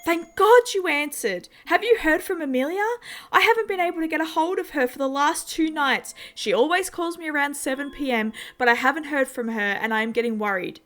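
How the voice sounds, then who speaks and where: A woman's voice: sits high, fairly quick, fairly bright tone, voice pushed up. A woman voicing a frantic, middle-aged mother who pleads in a panicked rush in a horror story reading.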